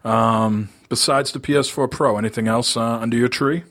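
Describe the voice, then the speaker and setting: A man's voice: mid-range voice, steady tone, normal speed, fairly bright tone. A man hosting a casual gaming podcast, curious and chatty, asking his co-hosts questions. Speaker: podcast host.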